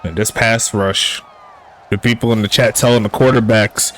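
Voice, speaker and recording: A man calling a simulated football game play by play in a relaxed streaming style, joking with chat and rising on big plays. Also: lowish voice, moderate pace, a little hiss or hum. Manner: laid-back, laughs at jokey player names, excitable on big plays. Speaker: play-by-play commentator. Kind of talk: casual sim football commentary.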